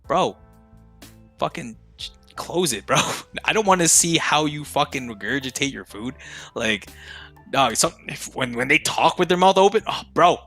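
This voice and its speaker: A young man talks as a podcast guest in a bright, forceful voice that swings up and down a lot. He talks casually, with a lot of slang and swearing, and he laughs often. Faint music plays behind him. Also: on the high side, animated, moderate pace. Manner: profane slang-heavy rant with frequent laughs.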